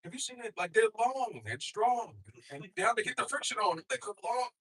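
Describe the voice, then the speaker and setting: A middle-aged man doing a rambling, profane stand-up comedy set, with loud bursts when he acts out other people. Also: high voice, animated, normal speed, breathy edge, rough recording.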